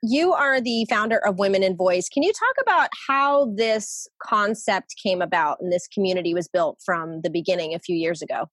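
A woman hosting an interview, asking her guest questions at a measured pace and often saying "you know.". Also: medium pitch, expressive, a bit bright, no echo. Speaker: podcast host.

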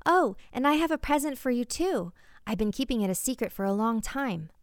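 Brief: woman voicing creepy sweet little girl, eager and childlike, high voice. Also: lively intonation, brisk, dry recording, clean studio sound. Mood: excited.

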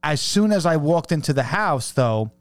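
A man's voice: a little high, big pitch swings, moderate pace, dry recording, studio quality. A man in his thirties, a podcast co-host, telling a long rambling story in casual chat, laughing and swearing often.

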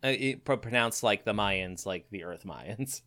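Lively-voiced podcaster with blunt, wry quips. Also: deep voice, moderate pace. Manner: blunt and profane with wry jokes. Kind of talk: casual chat about a video game.

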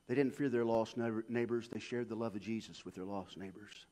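A man preaching a sermon, swinging from hushed asides to shouted peaks. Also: on the low side, fairly even intonation, a little fast, slight background noise. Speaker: pastor.

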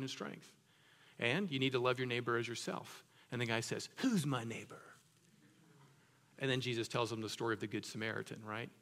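A man's voice: medium pitch, fairly bright tone. A man preaching a sermon in a conversational way, often checking in with "right?" and rising to emphatic peaks on key words. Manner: conversational, keeps asking "right?". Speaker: pastor.

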